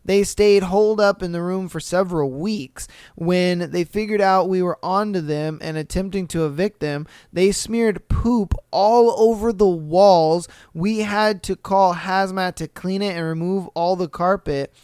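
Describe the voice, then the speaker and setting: A man hosting a podcast who reads listener stories aloud and reacts to them in an animated, profane way, acting out bits in voices. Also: high-pitched, a little slow, hardly any pauses, smooth, no room sound, studio quality. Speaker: podcast host.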